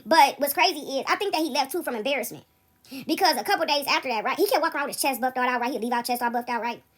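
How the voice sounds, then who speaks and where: Brief: woman vlogger, quick and animated, high-pitched, storytelling straight into a phone app. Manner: animated, keeps asking "right?". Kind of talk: casual storytelling to viewers. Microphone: phone recording app.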